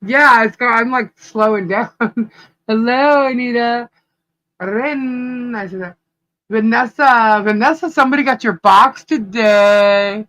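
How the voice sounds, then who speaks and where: A woman co-hosting a live stream, slowly greeting viewers one by one by name and laughing often. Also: fairly high pitch, fairly bright tone, low-quality recording. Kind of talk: casual live-stream chat.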